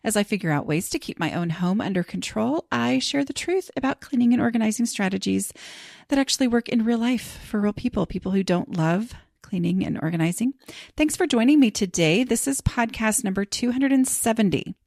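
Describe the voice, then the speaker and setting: A woman's voice: on the high side, animated, fairly quick, creaky, a little mellow, no echo, clean studio sound. A woman hosting a podcast, chatting casually and rambling with many fillers. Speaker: podcast host.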